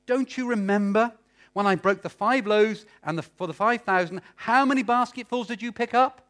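A man's voice: high voice, moderate pace, fairly bright tone. A preacher voicing Jesus as an exasperated teacher who chides his followers with rhetorical questions. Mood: chiding. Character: Jesus, a patient yet exasperated male teacher.

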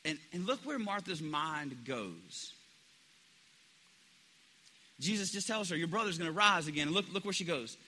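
A man's voice: a little high, big pitch swings, measured pace, pauses often, bright, forceful tone, a little hiss or hum. A man preaching a sermon in a conversational way, often restarting his sentences and acting out the people he quotes. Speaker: pastor. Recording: preached in a reverberant hall.

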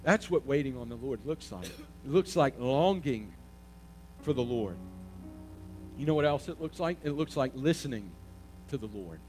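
A man preaching a sermon, asking the congregation questions and swelling to loud emphatic peaks. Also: mid-range voice, animated, moderate pace, long pauses, soft background music. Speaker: pastor.

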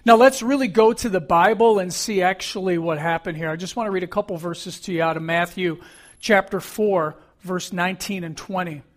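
A man's voice: high-pitched, fairly quick. A middle-aged man preaching a sermon as pastor, earnest and emphatic, repeating key phrases.

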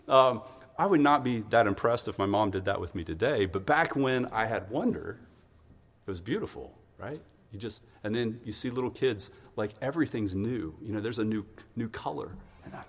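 A man preaching a sermon in an animated storytelling way, acting out the voices of the people in his stories. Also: medium pitch, a little fast, long reverb tail.

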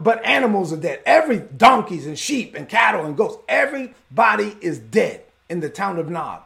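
A man's voice: high-pitched, vocal fry. A man preaching a sermon as pastor, emphatic and conversational.

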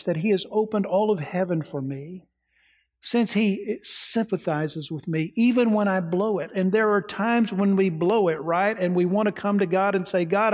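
Preacher guy, kinda high voice, long reverb like a big sanctuary, asks the crowd stuff. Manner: asks the congregation questions, drops to soft quiet tones. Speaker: pastor. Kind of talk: sermon. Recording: reverberant hall.

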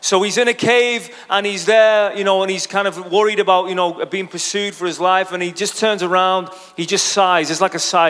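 A man's voice: high-pitched, steady tone, normal speed, few pauses, fairly bright tone. A man preaching a sermon, telling a story in a casual, chatty way with frequent asides to the congregation. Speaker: pastor. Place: church auditorium. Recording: long reverb of a large hall.

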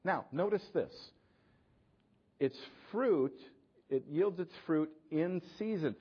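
A man preaching a sermon, asking rhetorical questions and swinging between loud emphasis and hushed, quiet lines. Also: on the high side, lively intonation, takes it slowly, slightly rough, dull audio. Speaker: pastor.

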